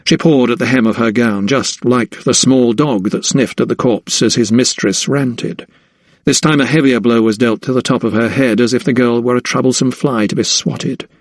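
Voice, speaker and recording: Male audiobook narrator, steady even read, middle-pitched, close dry mic. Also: moderate pace, no room sound. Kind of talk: scripted narration.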